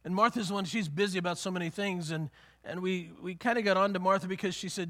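A high-pitched man preaches fast in a steady, somewhat bright tone, keeping things conversational. He frequently repeats and restarts phrases and dramatizes the quotes of people in his tale.

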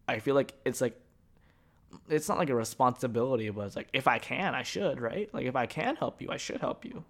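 A man's voice: mid-range voice, lively intonation, fairly quick. Rambling, profane young man podcasting. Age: young adult. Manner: rambling, profane, joking storytelling. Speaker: podcast host. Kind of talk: casual solo podcast monologue.

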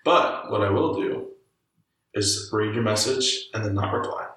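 A young man co-hosting a podcast in casual banter, goofy and quick to laugh. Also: lowish voice, a bit bright. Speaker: podcast co-host. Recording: echoey room, mic at a distance.

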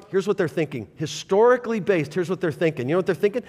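A man preaching a sermon as pastor, reading scripture and swinging between loud bursts and quiet intensity. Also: high-pitched, lively intonation, fairly quick, long reverb tail. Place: church sanctuary.

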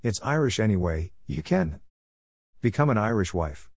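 A man's voice: fairly low pitch, very animated, moderate pace, no echo, studio quality. A man voicing a stern, disapproving middle-aged mother who speaks with scorn in a read-aloud story. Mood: scornful. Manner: scornful, sharp-tongued. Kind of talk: storybook character voice.

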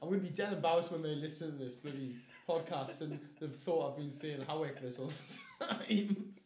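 A man's voice: on the high side, brisk, darkish tone. A man with a Geordie accent co-hosting a podcast, telling sweary stories and laughing mid-sentence. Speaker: podcast co-host. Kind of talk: casual podcast banter. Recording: echoey room with faint noise.

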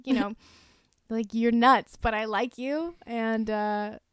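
A woman's voice: fairly high pitch, steady tone, takes it slowly, fairly bright tone, clear, resonant tone, dry recording. A young adult woman co-hosting a podcast, recapping a movie in casual chat and acting out the characters' lines. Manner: chatty, acts out lines, filler "like". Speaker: podcast co-host.

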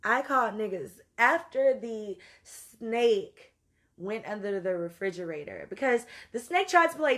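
A woman telling a story in an animated, profane way, moving between loud outbursts and low asides. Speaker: podcast host. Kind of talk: storytelling monologue.

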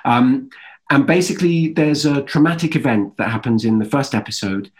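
Man, English accent, thirties, actor guest, interview chat, relaxed, fillers, medium pitch. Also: normal speed. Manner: relaxed, easygoing storytelling with fillers.

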